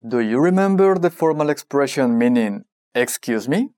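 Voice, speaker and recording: In a scripted language lesson, a narrator cues the listener and demonstrates every word in a slow, deliberate way. The voice is medium-pitched and a little mellow, with lively intonation.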